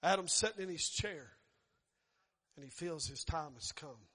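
A man preaching a storytelling sermon who builds to shouting fervor. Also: a little high, animated, a little slow, breathy edge, in a large hall.

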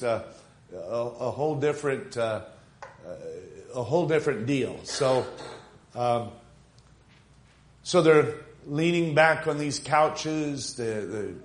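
A man preaching a sermon, retelling a Bible story in a conversational way with frequent fillers and rhetorical questions to the congregation. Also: mid-range voice. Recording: echoey room.

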